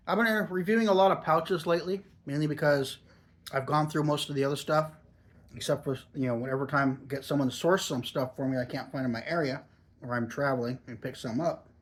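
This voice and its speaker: A man in his forties talking in a chatty, rambling, easygoing way while reviewing a product for a casual vlog. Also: mid-range voice.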